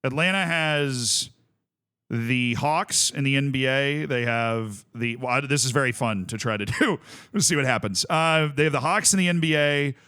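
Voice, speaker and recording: Bright, clear-voiced male streamer thinking aloud. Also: medium pitch, normal speed. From Tampa, Florida. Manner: thinking aloud, listing, self-correcting. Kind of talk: casual livestream chat.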